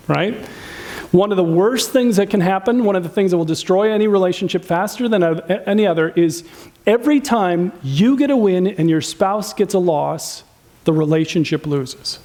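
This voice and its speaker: This pastor's high-pitched voice has a darkish tone and moves at normal speed as he preaches on relationships. His style is conversational, with questions for the audience and loud impersonations of spouses' grievances.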